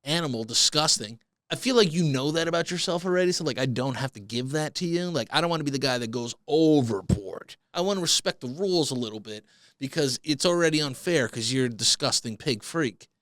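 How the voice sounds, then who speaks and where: A man riffs through his solo comedy podcast in a profane, mock-outraged rant. His pitch leaps around wildly and his tone is bright and edgy. The sound is dry and close to the mic. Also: lively intonation, fairly quick, no room sound. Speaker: podcast host.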